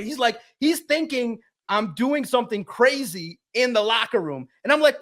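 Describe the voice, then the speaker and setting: A high-energy man, a sports writer guest, telling a lively story and acting out the voices in it. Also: moderate pace, hardly any pauses. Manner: high-energy, acts out quotes loudly. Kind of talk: animated storytelling.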